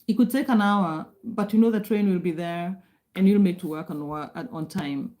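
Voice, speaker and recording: A woman's voice: on the low side, warm tone, poor audio. A middle-aged woman from Kenya chatting casually on a live stream, reading and answering viewer comments, laughing often and restarting sentences.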